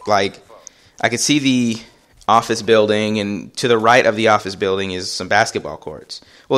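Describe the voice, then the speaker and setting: Lower-voiced man telling a story. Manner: animated, acts out quoted voices. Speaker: vlogger. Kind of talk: casual storytime.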